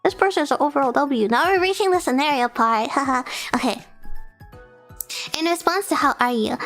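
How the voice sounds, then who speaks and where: Bubbly high-voiced young woman streamer. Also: lively intonation, fairly quick, fairly bright tone, faint music behind. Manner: bubbly, giggly, gushing with praise. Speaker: VTuber streamer. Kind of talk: casual livestream chat reading submissions.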